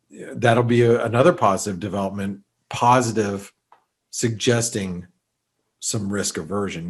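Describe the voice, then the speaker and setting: Man, low husky voice, rambling market commentary webinar, lots of fillers. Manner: rambling, many fillers and restarts. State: allergies, sneezy. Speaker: market analyst host.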